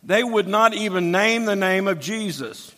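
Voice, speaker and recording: A man preaches an expository sermon in a church sanctuary. He reads scripture aloud and then explains it verse by verse. His voice sits a little high and moves at an unhurried pace, and a long reverb trails every phrase. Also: bright, forceful tone.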